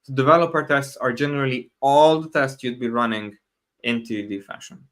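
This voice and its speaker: A man's voice: medium pitch, brisk, fairly bright tone. A man hosting a live talk, speaking casually with frequent restarts and asides, answering audience questions and laughing now and then. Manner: casual, self-correcting, laughs often, answers chat questions. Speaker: host. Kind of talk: live stream talk on software testing.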